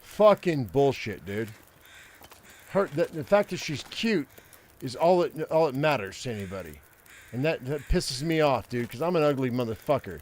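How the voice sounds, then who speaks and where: A man's voice: mid-range voice, sing-song, a little fast, a little mellow. An older man giving casual, profane gameplay commentary, ranting and rambling with frequent restarts. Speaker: gaming streamer.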